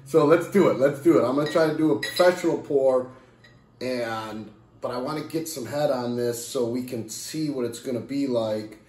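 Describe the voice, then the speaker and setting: A man's voice: mid-range voice, moderate pace, darkish tone, roomy sound, a little hiss or hum. A man casually reviewing a beer on camera, rambling and self-correcting with playful jokes. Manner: playful sound effects and jokes.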